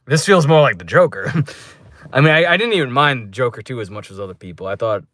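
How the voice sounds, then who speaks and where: Brief: young male movie reviewer, loose, profane, rambling, mid-pitched, dry close mic. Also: a little fast, no echo. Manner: rambling, profane, animated with pitched-up quoted reactions. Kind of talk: casual spoken review.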